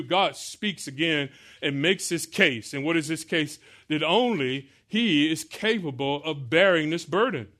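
A male pastor delivering a sermon with a somewhat high voice. He reads scripture and works through it verse by verse. His delivery swings from loud, urgent pleading to quiet, low-key explanation.

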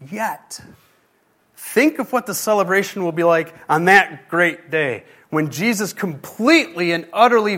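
A man's voice: high-pitched, fairly bright tone. A man preaching a sermon, speaking directly to his church and rising in intensity. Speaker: pastor.

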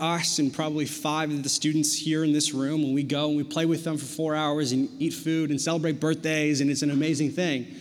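A young man speaking to students, telling a story with lively acted-out dialogue before turning solemn. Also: a little high. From Canada. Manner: slows into quiet, solemn delivery. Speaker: youth speaker. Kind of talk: sermon with storytelling. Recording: long hall reverb.

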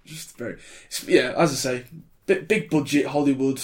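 Reviewing movies as a podcast co-host, a man in his twenties talks in a mid-range voice at a moderate pace. The chat is casual, his style blunt and wry, turning animated whenever he starts ranting.

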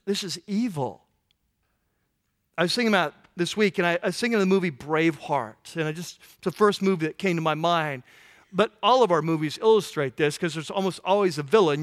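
High-voiced man preaching with animated storytelling. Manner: animated storytelling, acts out voices, rising intensity. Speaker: pastor. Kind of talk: sermon.

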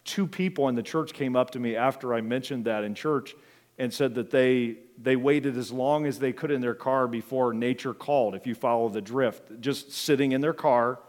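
Man, pastor, middle-aged, casual storytelling sermon, fillers and restarts, mid-pitched voice. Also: normal speed, darkish tone. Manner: conversational, many fillers and restarts.

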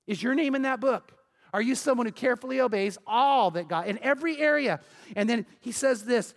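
A pastor preaching a sermon, animated and acting out the voices of the people he quotes. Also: very high voice, brisk. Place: church sanctuary. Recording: long hall reverb.

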